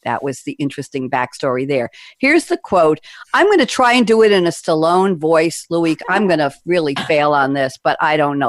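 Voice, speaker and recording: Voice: mid-range voice, animated, moderate pace, no room sound. Chatty radio host with a dry studio sound. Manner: chatty, jokey, rambling asides. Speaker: radio talk-show host. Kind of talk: conversational radio hosting.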